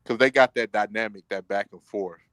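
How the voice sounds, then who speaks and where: Casting note: low-pitched man, relaxed slangy co-host, dry close sound. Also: fairly quick, no room sound, poor audio. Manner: laid-back slangy storytelling. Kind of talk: casual chat.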